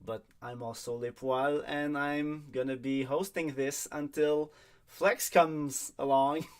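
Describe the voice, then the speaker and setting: A man with a French accent and French as his first language, hosting a livestream in a halting, easygoing way that often corrects itself. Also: a little high, steady tone, clean tone. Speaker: draft show host.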